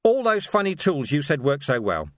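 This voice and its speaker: A man voicing an exhausted, gruff male police commander barking terse orders. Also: on the high side, wildly swooping pitch, normal speed. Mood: urgent.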